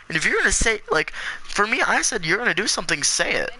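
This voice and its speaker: A man's voice: high voice, sing-song, quick pace, bright, forceful tone, low-quality recording. A fifteen-year-old boy ranting defiantly in casual chat while playing a game. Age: teens. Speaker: gaming streamer.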